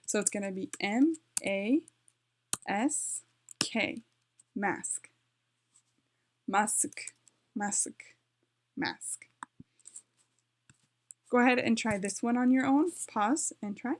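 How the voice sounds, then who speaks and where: A woman's voice: fairly high pitch, unhurried, darkish tone, a little hiss or hum. A woman giving a casual home tutorial, chatty and correcting herself as she types, with her dog nearby. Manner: chatty, self-correcting, talks while typing. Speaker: language learning vlogger.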